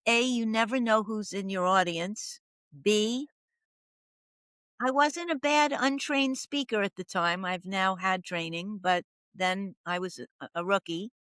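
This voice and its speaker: A woman's voice: medium pitch, a bit bright, smooth, no room sound. An older woman telling her story as a podcast guest, dramatic, acting out the voices she quotes. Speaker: podcast guest, professional coach. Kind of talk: storytelling interview.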